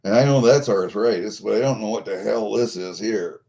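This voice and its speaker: A man's voice: fairly low pitch, normal speed, gravelly, few pauses, mellow. An older American man venting angrily on a vlog, swearing constantly. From United States. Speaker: vlogger.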